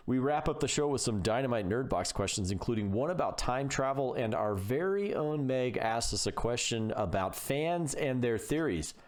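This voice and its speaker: Laid-back male podcast co-host. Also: medium pitch. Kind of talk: casual podcast chat.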